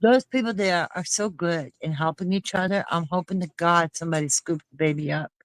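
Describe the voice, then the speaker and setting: A woman's voice: fairly low pitch, brisk, no room sound. A woman in casual panel chat. She speaks with heartfelt emphasis, and her voice sounds dry and close with no room around it. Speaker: panel co-host.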